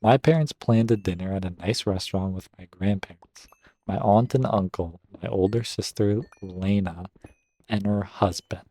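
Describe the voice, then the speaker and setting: A man's voice: low-pitched, moderate pace, dark tone, dry recording. A man reading a drama story aloud and breaking off to react with upbeat asides. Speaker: Reddit story reader and gaming commentator. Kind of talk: reading stories aloud with casual commentary.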